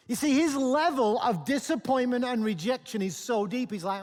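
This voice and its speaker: Brief: male pastor preaching, high voice, lively storyteller, long church reverb. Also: normal speed. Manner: animated storytelling, acting out characters. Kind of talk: sermon.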